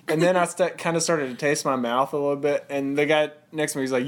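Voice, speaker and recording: A man's voice: a little high, a little fast, few pauses. A man co-hosting a podcast, telling a story in a casual, rambling way and laughing through it. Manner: laughs through his stories, relaxed and rambling. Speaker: podcast co-host.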